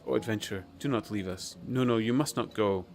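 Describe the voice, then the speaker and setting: A man's voice: on the low side, a little fast, gravelly, soft background music. A man voicing a cowering, wailing kobold. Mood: fearful. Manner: cowering, repeats words in threes. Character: timid wailing male kobold, repeats himself in threes. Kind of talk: reading a game's story aloud.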